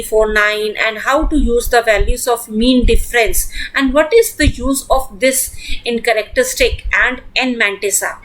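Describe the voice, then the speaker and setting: A woman's voice: a little high, poor audio. A woman, teaching students patiently and repeating each step of the lesson. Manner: patient, repeats key steps, addresses students directly. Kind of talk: classroom lesson explaining a table step by step.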